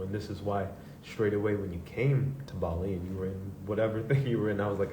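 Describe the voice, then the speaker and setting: A man's voice: low-pitched, fairly even intonation, quick pace, background noise. A man as host, speaking candidly to a live audience in a loose, conversational way, with swearing and acted-out quotes. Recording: echoey room heard from a distance.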